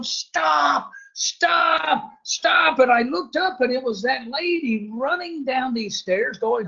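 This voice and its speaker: A man's voice: sits high, creaky, a bit bright, slightly rough. A man telling a personal investing story to an audience in a folksy way, often calling them folks. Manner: folksy, addresses listeners as folks. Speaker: real estate investor speaker. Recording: dull lo-fi recording.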